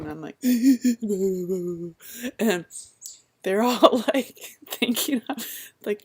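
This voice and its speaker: Lowish woman's voice, thirties, animated storyteller who acts out the people she quotes. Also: husky. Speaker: vlogger telling her birth story. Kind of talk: casual storytelling.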